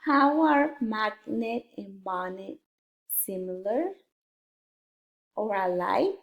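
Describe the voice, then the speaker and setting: A woman teaching a phonics lesson to young children, sounding out letters one at a time in a slow, deliberate way. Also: mid-range voice, animated, reverberant, highs cut off.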